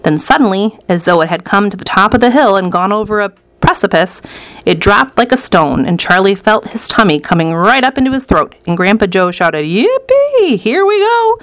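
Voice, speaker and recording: A woman reading a children's storybook aloud in a lively, expressive way. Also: medium pitch, a little fast, no echo. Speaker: narrator.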